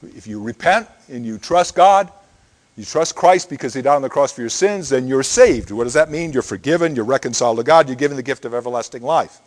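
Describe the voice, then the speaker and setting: Pastor preaching conversationally. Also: male voice, medium pitch, lively intonation, brisk. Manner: conversational preaching, frequent "okay?" checks. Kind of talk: sermon.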